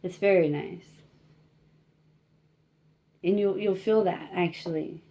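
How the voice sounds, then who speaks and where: Slow and steady in tone, this young tarot reader rambles with a self-conscious air, laughing frequently and leaning on filler like "like" and "you know." Her voice is mellow and fairly low.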